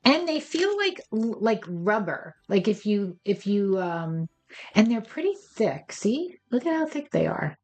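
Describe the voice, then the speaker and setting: A woman's voice: medium pitch, very animated, unhurried, darkish tone. A woman hosting a craft tutorial, chatty and playful as she talks viewers through each step. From United States. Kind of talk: casual step-by-step craft demonstration.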